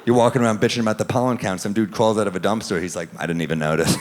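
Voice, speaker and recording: A man performing a stand-up comedy set in a club, with a wry, deadpan delivery and quoted asides. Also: fairly low pitch, very fast, slight background noise. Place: comedy club stage with laughing audience. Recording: live club recording with audible crowd.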